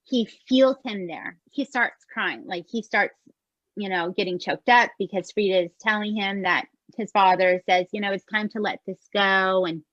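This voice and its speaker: A woman co-hosting a podcast, chatting in an expressive way and often asking "right?". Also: mid-range voice, moderate pace, dry recording, dull audio. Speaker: podcast co-host. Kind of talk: casual chat recapping a show.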